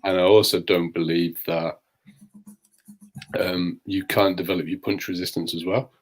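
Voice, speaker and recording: A man co-hosting a live talk show, giving measured, opinionated views. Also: low voice, flat delivery, soft background music. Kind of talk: casual talk show discussion.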